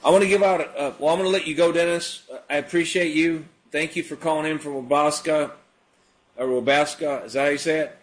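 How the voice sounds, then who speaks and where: A fast-talking man with a higher-pitched voice runs a live call-in radio ministry, praying over those who phone in. His praying and preaching are easygoing and chatty, full of filler words.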